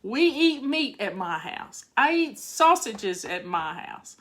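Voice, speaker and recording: Slow and sing-song, a slightly high, somewhat bright voice belongs to an older woman who vlogs about organizing the home. She's chatting casually and folksily with her viewers live, replying to their comments.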